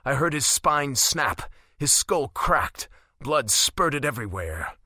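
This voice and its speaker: A male audiobook narrator with a bright, forward voice and a very lively pitch. He reads in first person with dramatic, emotionally charged delivery, in a dry, close recording. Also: slow, dry recording.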